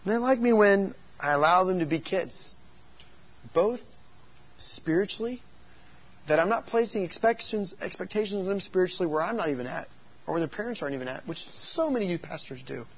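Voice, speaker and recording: A man's voice: sits high, fairly quick, husky, highs cut off. A man who works as a youth pastor, speaking to other youth workers and telling stories animatedly. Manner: animated storytelling, acts out voices in quotes.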